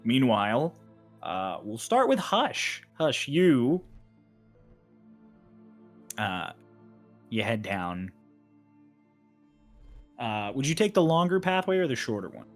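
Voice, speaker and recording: Game master man, laughing and animated. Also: mid-range voice, slow, long pauses, faint music behind. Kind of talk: narrating a tabletop game.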